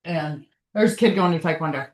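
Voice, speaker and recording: A woman's voice: low voice, brisk. A woman, a physician, giving a casual continuing-education lecture in an earnest, heartfelt way. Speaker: physician presenter. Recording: echoey room.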